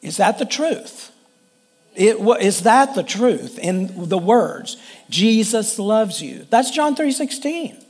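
A man preaching a sermon in a high, light voice at an unhurried pace. He speaks as a pastor in an earnest, conversational way. His sentences often stop and start again as he works through his thoughts. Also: lively intonation, a little mellow, husky.

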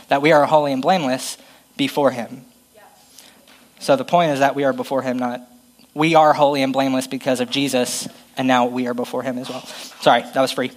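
A man's voice: mid-range voice, low-quality recording. A man preaching a conversational, self-deprecating sermon and reading Bible passages aloud.

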